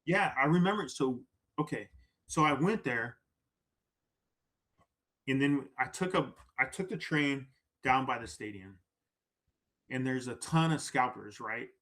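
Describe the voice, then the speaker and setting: A man appears as a podcast guest, speaking a little slowly at medium pitch with long pauses. He tells his story casually and with animation, voicing quoted lines and often tacking on "right?".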